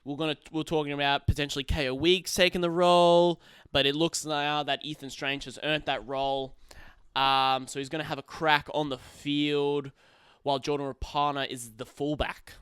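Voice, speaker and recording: A man's voice: a little high, flat delivery, moderate pace, a bit bright, clean tone, no room sound, studio quality. A man co-hosting a casual sports podcast, talking with frequent ums and hesitations. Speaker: podcast co-host.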